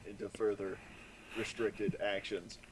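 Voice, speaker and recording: A man playing a tabletop game, speaking in a measured, dry and polite way. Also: fairly low pitch, level tone, slight background noise, poor audio. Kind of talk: casual game chat.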